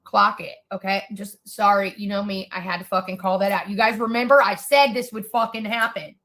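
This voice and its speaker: A woman's voice: medium pitch, fairly even intonation, fairly quick, a bit bright. A woman commenting on a clip she is playing, in a furious, profane, scornful rant. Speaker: commentary streamer. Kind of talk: angry reaction commentary.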